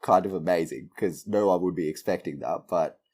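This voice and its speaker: A laid-back man chatting on a podcast. His voice sits very low and has a husky grain. He drops in the odd swear word and laughs easily. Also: fairly quick, darkish tone. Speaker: podcast co-host. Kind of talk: casual chat.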